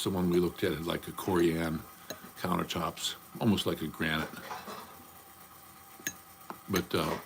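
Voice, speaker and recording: Deep-voiced older man rambling bluntly. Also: slight background noise. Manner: blunt, rambling, profane storytelling. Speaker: livestream host. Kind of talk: casual rambling livestream chat.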